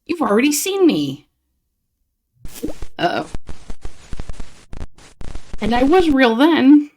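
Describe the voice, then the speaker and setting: Flustered, panicky chat-game character read by a woman, animated pitch, quick to protest. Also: heavily acted. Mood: panicked.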